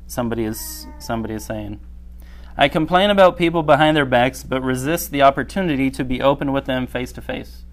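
Man preaching, keeps asking "right?". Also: medium pitch. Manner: conversational, repeatedly asking "right?"; reads checklist aloud, acts out quoted reactions. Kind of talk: sermon.

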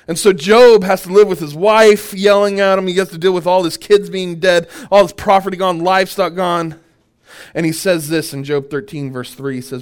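A man's voice: high voice, steady tone, normal speed, clean tone. A man who is a minister, leading a conversational Bible workshop. He chuckles often and repeats his key points.

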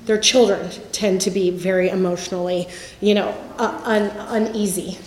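A middle-aged woman giving a candid Christian teaching talk, speaking conversationally and telling stories, often trailing off softly at the ends of thoughts. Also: medium pitch, steady tone, normal speed, reverberant, slight background noise.

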